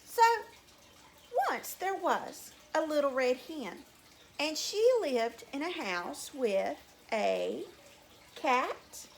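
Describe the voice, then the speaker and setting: Slow, sing-song woman reading a children's story. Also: high voice, expressive, gravelly. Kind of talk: children's story time narration.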